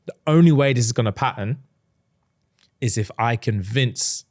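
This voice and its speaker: A man on a casual podcast, retelling a story with lively acted-out voices for each character. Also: medium pitch. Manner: animated, acts out characters in quick changing voices. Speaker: podcast co-host.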